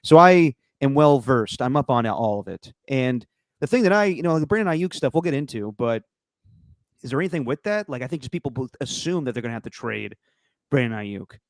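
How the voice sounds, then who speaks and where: A man's voice: mid-range voice, fairly quick, no echo. Jokey man, dry close sound. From Italian heritage. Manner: jokey, excitable, stumbling restarts. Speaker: sports podcast co-host. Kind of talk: casual chat.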